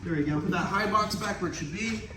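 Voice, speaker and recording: Excited snake guy talking to camera, kinda breathless, echoey room, mic a bit far. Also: sits high, fast talker, background noise. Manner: enthusiastic, talks to the snake. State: a little out of breath. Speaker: reptile keeper and vlog host. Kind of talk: casual vlog talk to camera. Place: reptile facility, indoors. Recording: roomy, from a distance, faint ambience.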